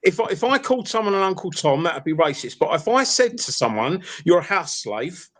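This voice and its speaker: A man's voice: high-pitched, very animated, brisk, fairly bright tone. A man with an East London accent lecturing insistently in a heated casual argument, calling the listener mate and fella. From England. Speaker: live stream participant.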